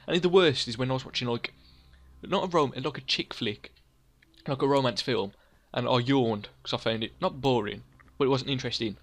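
A young man chats through a building game at an ordinary middle pitch. He rambles from one thought to the next, teases himself and answers his own questions. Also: brisk, soft background music. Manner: rambling, self-mocking, talks to himself by name. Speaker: let's play host. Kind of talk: casual gameplay commentary.

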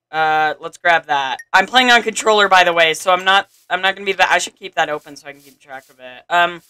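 A man talking casually over his own gameplay, thinking out loud and reading on-screen text aloud. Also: high-pitched, smooth. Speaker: gameplay video maker.

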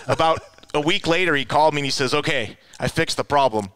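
A man tells stories in a casual, animated way, jumping into the voices of the people he quotes. His voice is bright and clear. The recording is dry, with little room sound. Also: mid-range voice, a little fast, few pauses, dry recording. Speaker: guest, offroad racer. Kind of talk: casual storytelling.

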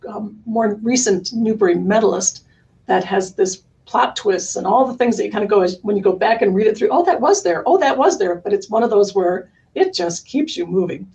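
A middle-aged woman talking earnestly about books as a podcast guest, animated and laughing often. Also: mid-range voice, fairly quick, gravelly, poor audio. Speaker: curriculum company founder, guest. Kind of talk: conversational interview.

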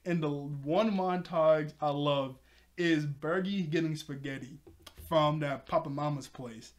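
A man recapping a cartoon episode in casual chat, excitable and chatty, laughing often. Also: a little high, measured pace.

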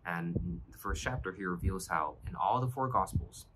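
Deep-voiced man giving a devotional. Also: normal speed, background noise. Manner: earnest, reflective, with frequent restarts. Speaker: pastor. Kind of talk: devotional sermon.

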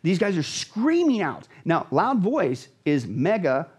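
A pastor on a show explains scripture with rising urgency and a lot of repetition. His voice is a touch husky and sits on the higher side for a man. His pitch swings widely as he presses every point. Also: wildly swooping pitch, measured pace, darkish tone. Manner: intense, dramatic, repeats words for emphasis. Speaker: pastor, guest. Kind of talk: emphatic Bible teaching in conversation.

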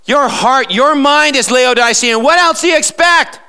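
A man's voice: very high voice, normal speed, sharp tone. A male pastor preaching a live sermon in church, emphatic and fond of sarcastic rhetorical questions.

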